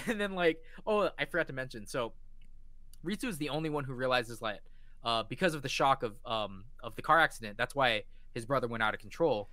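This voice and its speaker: A man co-hosting a podcast, retelling a story in casual chat with excited energy and lots of swearing. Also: mid-range voice, a little fast, dry recording. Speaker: podcast co-host.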